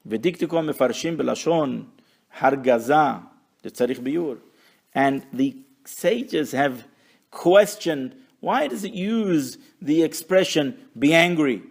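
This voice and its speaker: A man with a gravelly, slightly high voice gives a Torah lesson. He reads Hebrew phrases aloud, translates them and explains them in a conversational teaching tone with wry asides. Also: expressive, takes it slowly.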